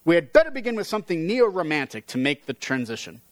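A man reading aloud voices a breezy young man showing off a guest to an art crowd, higher than his own voice. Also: sing-song, fast, no echo.

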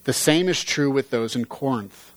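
A man reading a story aloud in a measured voice, then teaching on it earnestly. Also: mid-range voice, no room sound.

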